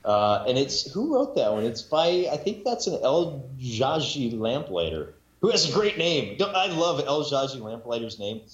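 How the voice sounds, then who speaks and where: A man's voice: medium pitch, very animated, moderate pace, hardly any pauses. A man in casual podcast chat about narrating audiobooks, rambling with many restarts and self-mocking asides. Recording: echoey room, dull lo-fi sound.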